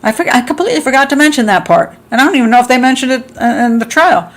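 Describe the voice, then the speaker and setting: A woman's voice: lively intonation, racing. A middle-aged woman hosting a live stream, chatting and reading out viewer comments. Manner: chatty, reads viewer comments, laughs often; acts out quotes with sharp jumps in pitch. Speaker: host.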